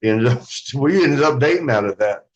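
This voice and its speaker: A former wrestler as an interview guest, telling stories casually in a rambling way, swearing freely and acting out what others said. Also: male voice, medium pitch, lively intonation, normal speed, dull audio. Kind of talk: casual storytelling.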